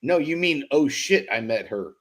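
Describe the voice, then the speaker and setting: A man's voice: on the high side, expressive, moderate pace, a bit bright. A man hosting a BMX live stream, reading chat comments aloud and teasing viewers with loose, profane jokes and frequent laughs. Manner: joking, profane, laughs often; loose and teasing with chatters by name. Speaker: host of a BMX live show.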